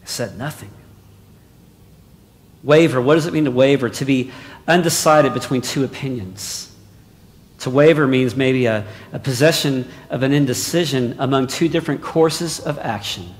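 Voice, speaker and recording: A male preacher delivering a sermon, dropping to hushed asides and then rising to loud exclamations. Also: mid-range voice, moderate pace. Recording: long hall reverb.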